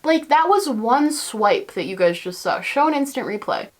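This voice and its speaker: A woman's voice: on the high side, sing-song, moderate pace. A young woman beauty vlogger chatting casually through a makeup tutorial, rambling and joking at her own expense. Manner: chatty, rambling, self-mocking.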